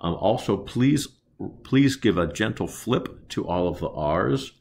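A man leading a choir diction lesson, explaining vowel sounds carefully and singing slow demonstrations. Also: lowish voice, animated, vocal fry, a little mellow. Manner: unhurried, careful teaching with slow sung demonstrations. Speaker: choir director.

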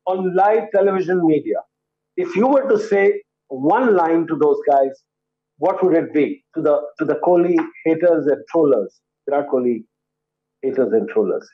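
A man's voice: fairly high pitch, animated, moderate pace, lo-fi sound. A man anchoring a live TV news panel, firing pointed, pressing questions at his guests.

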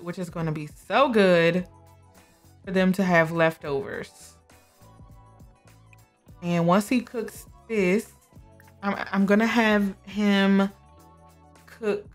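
A young woman chatting through a life sim game, talking to her characters and laughing often. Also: mid-range voice. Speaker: gameplay streamer. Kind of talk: casual gameplay commentary.

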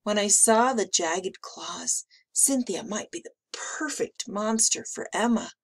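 A woman teacher reading a picture book aloud with slow, expressive delivery. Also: medium pitch, husky, whispered.

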